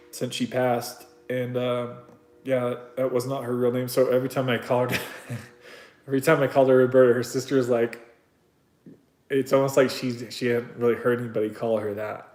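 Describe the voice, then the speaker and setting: A man talks on a live stream at a middling pitch, and his voice stays fairly level and flat. He is candid and swears freely, stopping and restarting as he reads viewer comments aloud. The room around him is noticeably echoey.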